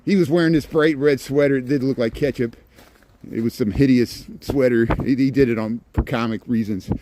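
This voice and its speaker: A man's voice: mid-range voice, fairly even intonation, a little fast. Rambling man vlogging on a night walk. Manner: rambling, chatty, many restarts. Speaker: walking vlogger. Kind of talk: casual walking commentary. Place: outdoors on city streets at night. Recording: faint street and traffic noise.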